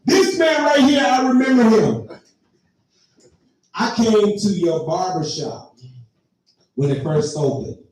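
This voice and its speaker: A man's voice: high-pitched, lively intonation, takes it slowly, long pauses, darkish tone. A man telling a profane story in a stand-up comedy set, talking straight to the crowd. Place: live comedy venue. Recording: echoey room, heard from far off.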